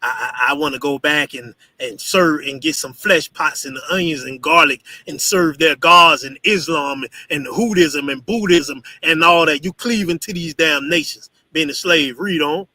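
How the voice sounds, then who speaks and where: A man teaching a congregation in an animated, profane, storytelling preaching style. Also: fairly high pitch, moderate pace, few pauses, no echo, poor audio. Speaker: religious teacher.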